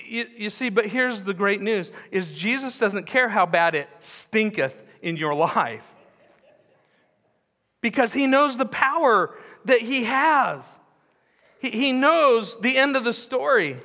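A man preaching a sermon as pastor, telling the story with animation, repeating phrases for emphasis and dropping to hushed tones. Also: high voice, moderate pace. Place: church sanctuary. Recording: long hall reverb.

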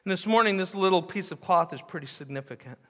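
A man preaching a sermon as pastor, telling the story with animation, repeating phrases for emphasis and dropping to hushed tones. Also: high voice, animated, fast. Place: church sanctuary. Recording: long hall reverb.

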